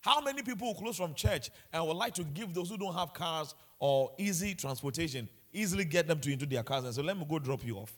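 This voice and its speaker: A man's voice: on the high side, animated, fast talker, few pauses, a bit bright. A man preaching a sermon with passion, repeating himself and asking the congregation rhetorical questions. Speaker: pastor.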